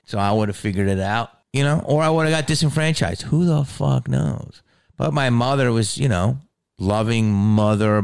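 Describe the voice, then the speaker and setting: A man's voice: low voice, gravelly, dry recording, clean studio sound. A middle-aged man with a Philadelphia accent hosting a podcast, telling stories in a profane, rambling monologue. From Delaware County, Pennsylvania. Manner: profane, animated storytelling. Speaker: podcast host.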